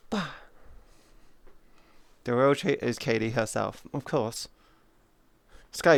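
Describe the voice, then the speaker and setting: A woman streaming live, chatting casually with her chat, giggly and playful, sometimes cooing softly in baby-talk. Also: deep voice, clean tone, dry recording, studio quality. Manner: giggly, playful, often laughing.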